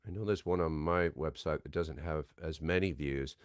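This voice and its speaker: A man's voice: a bass voice, moderate pace, no room sound, studio quality. A man hosting a casual livestream signing, chatting loosely with lots of ums and reading names and comments from the chat.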